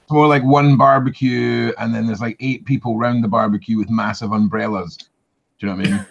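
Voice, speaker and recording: A Scottish man chatting casually as a podcast co-host, telling animated, sweary stories. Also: medium pitch, a little fast, vocal fry, crowd noise. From Scotland. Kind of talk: casual chat. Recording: slightly muffled lo-fi audio.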